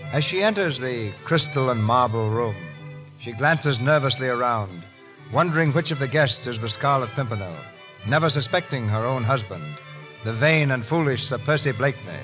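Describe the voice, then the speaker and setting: A man's voice: mid-range voice, low-quality recording. A man announcing and narrating an old radio play in a formal, declamatory manner. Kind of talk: scripted narration. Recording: old radio broadcast with violin music.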